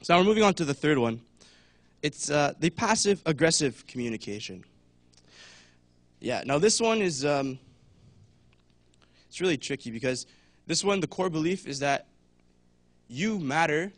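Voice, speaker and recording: A man's voice: fairly high pitch, animated, normal speed, long pauses, no room sound. Chatty man with a dry, close sound. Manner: chatty, many fillers, acts out voices. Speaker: church speaker. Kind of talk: casual sermon talk.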